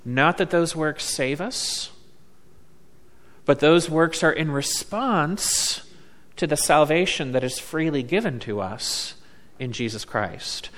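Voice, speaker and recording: A man preaching a sermon as a pastor, slow and deliberate, leaning on words with emphatic pauses. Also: fairly high pitch, lively intonation, fairly bright tone. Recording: long reverb of a large hall.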